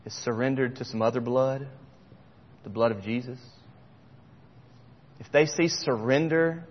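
A middle-aged man preaching a sermon, passionate, swinging between loud and hushed near-whispers. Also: mid-range voice, husky. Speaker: pastor. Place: church sanctuary. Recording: dull sound with long hall reverb.

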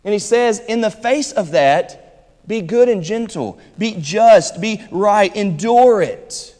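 A high-pitched man preaches a sermon from a church pulpit. His delivery is emphatic, dropping into slow, stressed phrases and then racing through asides. The voice rings with a long hall reverb. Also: lively intonation, darkish tone. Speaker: pastor.

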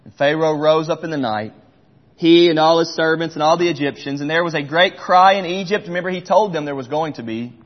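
Impassioned preacher in a reverberant hall. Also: male voice, on the high side, fairly quick. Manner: impassioned, swings from loud to near-whisper. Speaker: pastor. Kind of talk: sermon. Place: church sanctuary. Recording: dull sound with long hall reverb.

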